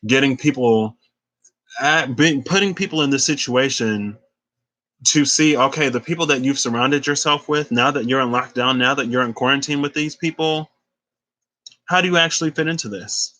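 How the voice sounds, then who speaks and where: A man's voice: medium pitch, moderate pace, sharp tone, poor audio. A man giving a spiritual tarot reading, emphatic and conversational, with casual slang. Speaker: tarot reader.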